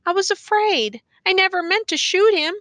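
Frightened young accused man on the stand, read by a woman; high, bright, short halting answers. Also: lively intonation, no room sound.

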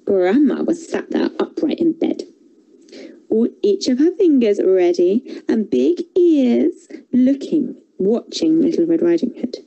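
A woman telling a fairy tale for children in a theatre workshop, expressive and playful. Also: medium pitch, unhurried, vocal fry, highs cut off. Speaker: storyteller, theatre workshop leader. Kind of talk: animated storytelling for children.

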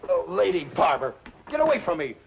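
Surly outlaw, lively rude delivery, muffled vintage TV audio. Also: male voice, fairly high pitch, fairly quick, gravelly, a little hiss or hum, full character voice. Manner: rude, blustering. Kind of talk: 1950s TV western acting. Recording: muffled old TV soundtrack.

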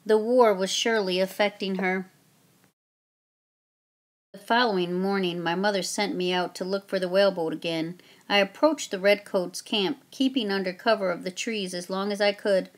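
A woman narrating a children's historical story in a steady, plain reading voice. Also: mid-range voice, moderate pace. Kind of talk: reading a children's book aloud.

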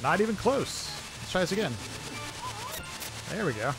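A fairly high-voiced man streams a retro game, his pitch leaping around as he reacts. He chats with viewers and laughs at his own mistakes, with faint music behind him. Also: moderate pace, vocal fry. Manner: animated, laughing, self-deprecating, talks to chat. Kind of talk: live gameplay streaming chat.

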